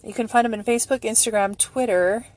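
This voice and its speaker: A middle-aged woman with a slightly high voice chats casually and emotionally, easily touched and full of praise. She reads lines aloud slowly and carefully. The sound is close and dry, with no room echo. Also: fairly even intonation. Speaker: fan vlogger reading charity posts. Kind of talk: casual on-screen commentary.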